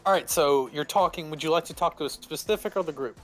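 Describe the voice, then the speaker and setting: A man's voice: on the high side, fast, faint music behind. A man acting as game master, narrating the players' actions in loose, laughing run-on sentences on a voice call.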